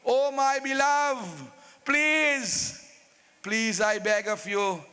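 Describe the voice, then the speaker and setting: A man's voice: very high-pitched, steady tone, bright, forceful tone, smooth, in a large hall, heavily acted. A man voicing a lovesick old king who pleads desperately with his queen. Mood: begging. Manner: pleading, drawn-out endearments.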